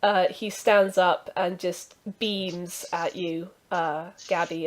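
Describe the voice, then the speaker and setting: A woman's voice: on the low side, flat delivery, a little slow, hardly any pauses. A woman narrating as game master, chatty and full of restarts. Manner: chatty, with many fillers and restarts.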